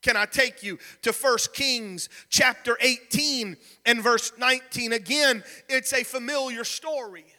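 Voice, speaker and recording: A young man preaching a sermon, telling a story with shouted peaks and sudden soft drops. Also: very high-pitched, measured pace, hardly any pauses, big-room sound. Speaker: pastor.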